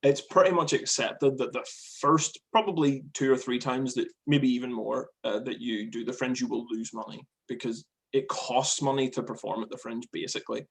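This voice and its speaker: A man talking shop as a guest on a comedy chat show. He rushes through his points, restarting phrases and circling back. The tone is casual and conversational. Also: mid-range voice, creaky. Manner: quick, rambling, many restarts.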